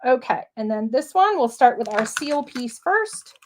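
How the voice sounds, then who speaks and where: A woman's voice: high-pitched, sing-song, unhurried, background noise. A woman leading a live craft-along, chatting in an upbeat way as she works through each step. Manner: chatty, upbeat, talks while working. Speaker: craft demonstrator.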